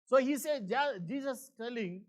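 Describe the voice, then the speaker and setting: A man preaching a church sermon in an earnest, repetitive way, with many fillers, swinging between emphatic and hushed. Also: very high-pitched, lively intonation, unhurried. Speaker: pastor.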